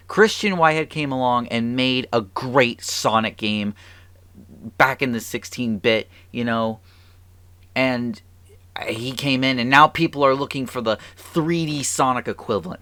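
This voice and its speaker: A man's voice: mid-range voice, a bit bright, no echo. A man giving an improvised game review into a mic, rambling and stuttering, asking exasperated rhetorical questions. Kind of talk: improvised video review commentary.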